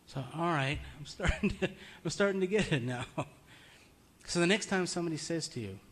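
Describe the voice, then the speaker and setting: A man's voice: fairly high pitch, lively intonation, moderate pace. A man giving an informal, conversational sermon in a meeting room. He tells stories and chuckles often. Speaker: preacher.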